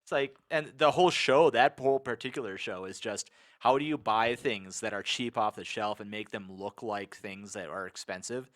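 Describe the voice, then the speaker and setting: A man co-hosting a casual gaming podcast, rambling through animated stories and mock rants. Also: lowish voice, normal speed, hardly any pauses. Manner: rambling, animated anecdotes with quoted asides. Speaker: podcast co-host. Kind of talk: casual chat.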